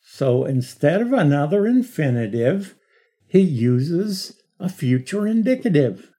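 A middle-aged man teaching a Bible study lecture, explaining slowly and stressing key words with emphatic repetition. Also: a little high, big pitch swings, mellow, slightly rough.

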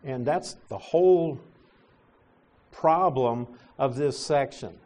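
A middle-aged male pastor teaching a sermon, explaining scripture with gentle asides. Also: medium pitch, takes it slowly.

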